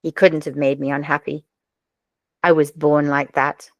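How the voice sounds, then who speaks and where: A woman's voice: low voice, little pitch movement, a little slow, dry recording, studio quality. A woman reading the short, guarded replies of a woman questioned by a detective.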